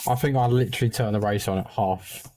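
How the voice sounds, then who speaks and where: A man co-hosting a podcast, chipping in with quick short remarks in casual chat. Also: on the low side, mellow. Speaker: podcast co-host.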